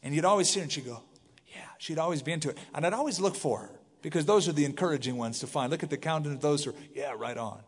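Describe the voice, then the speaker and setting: A middle-aged man preaches to a congregation, his voice sitting a little high. He reads the scripture and breaks off into casual, animated asides. The sound carries a long reverb from the sanctuary. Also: very fast. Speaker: pastor. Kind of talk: verse-by-verse sermon. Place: church sanctuary.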